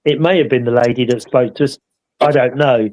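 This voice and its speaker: Speaking briskly in a steady, medium-pitched, slightly mellow voice, a paranormal investigator co-hosting a live show tells a story about an investigation. He rambles in a casual way and often adds tag questions to draw agreement, and the recording is rough.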